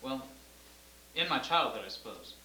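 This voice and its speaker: A man's voice: medium pitch, big pitch swings, moderate pace, sharp tone, echoey room, a little hiss or hum. A young man playing a flustered patient in a comedy short, rambling and stammering. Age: young adult. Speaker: actor in a student comedy film.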